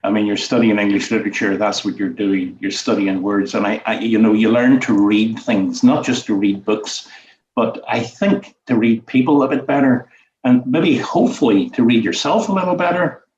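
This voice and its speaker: A man's voice: on the low side, normal speed, a little mellow, highs cut off. Older Northern Irish man, distant roomy sound. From Northern Ireland. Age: 70s. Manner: rambling, lots of "you know" fillers, chuckles as he talks. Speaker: guest, former teacher and writer. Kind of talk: reflective conversational interview.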